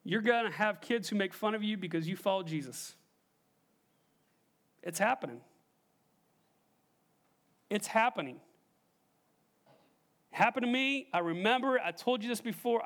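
A pastor preaching a sermon, emphatic and direct, often asking the congregation questions. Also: male voice, sits high, fairly bright tone.

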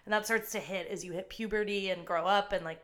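A woman's voice: mid-range voice, fairly even intonation, fast talker, a bit bright. A young woman hosting a podcast, chatting eagerly and acting out quotes in little voices. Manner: enthusiastic, acts out quotes in voices. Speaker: podcast host. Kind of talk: casual chat.

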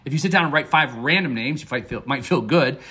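A man's voice: medium pitch, fast talker, pushed and bright, breathy edge. A man hosting a motivational podcast as a success coach, talking in an upbeat, earnest, conversational way with fillers and restarts.

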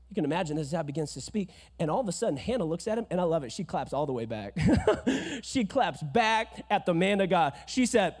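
A man preaching a sermon as a pastor, emphatic, swinging from hushed asides to loud declarations. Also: extremely high pitch, big pitch swings, fast.

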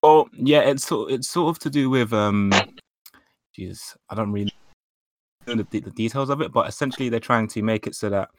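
An Italian-accented man explains things hesitantly, with lots of ums and restarts. His voice is on the low side. Clear hiss and noise run under his remote line. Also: a little fast. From Italy. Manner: hesitant, many fillers. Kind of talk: casual group chat.

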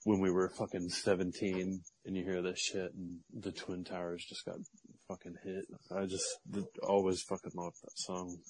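A man's voice: sits low, monotone, moderate pace, darkish tone, low-quality recording. A man co-hosting a podcast, chatting casually about music with a lot of swearing and laughter. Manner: profane, rambling, laughs often. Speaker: podcast co-host. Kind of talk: casual chat.

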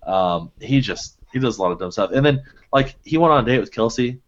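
A young man holds forth on a podcast, worked up and swearing as he mocks the people he is describing. His voice sits at an ordinary pitch, and the recording is a bit dull and lo-fi. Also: a little fast. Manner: animated, profane ranting with mimicking quotes. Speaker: podcast co-host. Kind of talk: casual chat.

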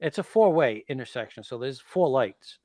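A man's voice: mid-range voice, expressive, moderate pace, dark tone, dry recording, studio quality. A man co-hosting a podcast, telling a story in a casual, matter-of-fact way with plenty of swearing. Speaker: podcast co-host.

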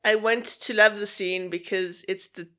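A woman's voice: mid-range voice, fairly even intonation, unhurried, sharp tone. A woman co-hosting a podcast, casually walking through the plot of a series scene by scene. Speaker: podcast co-host. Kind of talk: casual chat, narrating plot.

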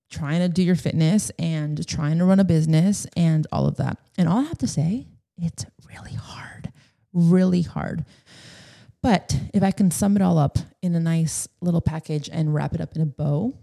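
A young woman talks through her own podcast on her own, rambling and emotional, often stopping to find her thread. Her voice sits a little low, with a soft, dark tone and plenty of gravelly fry. She speaks openly and casually to her listeners. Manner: rambling, emotional, laughs often, loses her train of thought. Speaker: podcast host. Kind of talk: solo podcast chat.

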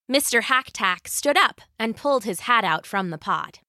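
A woman narrating a folk tale as a storyteller, slow and expressive. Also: medium pitch, no room sound, studio quality.

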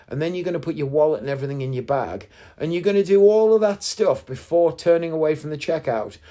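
A man hosts a casual monologue, telling a story in an indignant, sarcastic tone. His voice sits a little higher than most men's. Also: warm tone. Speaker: podcast host.

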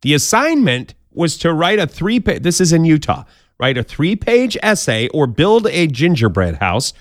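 A man's voice: fairly high pitch, big pitch swings, moderate pace, no room sound, clean studio sound. Playful man hosting a jokey podcast. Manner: jokey, playful asides, bouncy delivery. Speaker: podcast host. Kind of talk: casual comedic news countdown.

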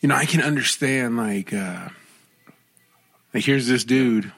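Husky-voiced man telling casual stories. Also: medium pitch, a little slow, no echo. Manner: animated, acts out quoted voices. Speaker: podcast co-host, electrician. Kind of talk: casual storytelling chat.

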